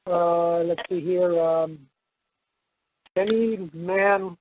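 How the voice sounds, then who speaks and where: A man calling in to a talk show, reading out a legal notice and then answering in a hesitant, halting way. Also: sits high, fairly even intonation, a little hiss or hum. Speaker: caller. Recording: dry, phone-line radio audio.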